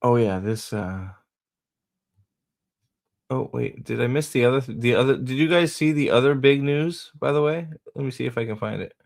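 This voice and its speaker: A man's voice: medium pitch, moderate pace, gravelly. Rambling, foul-mouthed male streamer. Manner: rambling, swearing, mocking, reads chat aloud. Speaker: host. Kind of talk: casual livestream commentary.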